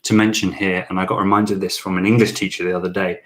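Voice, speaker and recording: Deep-voiced male host, loose Q&A chat, lots of ums and restarts. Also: level tone, fast talker, a bit bright. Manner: rambling with many fillers and restarts. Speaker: channel host teaching French. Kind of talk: relaxed Q&A chat.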